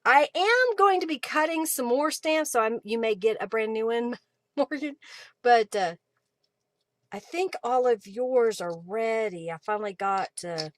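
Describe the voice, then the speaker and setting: A woman with a slightly high-pitched voice hosts a relaxed live crafting stream from her table at home. She talks her choices through out loud as she works and reacts warmly to what viewers write in. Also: measured pace, no room sound. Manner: chatty, thinks aloud while working, reads viewer comments. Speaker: craft livestream host. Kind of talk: casual live crafting chat.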